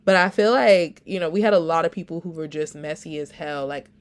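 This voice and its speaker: A woman's voice: low-pitched, a little fast. Chatty woman dishing celebrity gossip. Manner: chatty and gossipy, full of "like" and "you know"; laughs often, animated asides. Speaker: podcast host. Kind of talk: casual pop-culture commentary.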